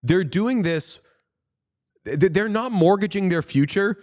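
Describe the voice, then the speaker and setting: A man co-hosting a sports podcast in casual chat, animated and joking, swearing freely. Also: high voice, unhurried. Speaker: podcast co-host.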